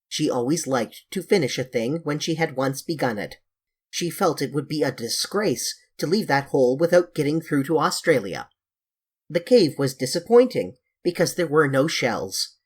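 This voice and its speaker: An audiobook narrator reading a children's novel in an expressive, lively storytelling manner. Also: mid-range voice.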